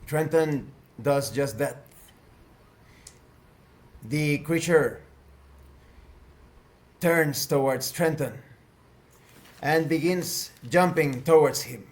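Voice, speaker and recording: A man narrating a tabletop game as game master, slow and deliberate. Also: fairly high pitch.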